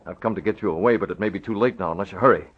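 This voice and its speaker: An actor playing a calm, commanding masked vigilante who gives quick, urgent instructions, in an old radio drama. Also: male voice, low voice, slight background noise, natural voice. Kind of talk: 1940s radio acting. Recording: dull lo-fi old radio recording.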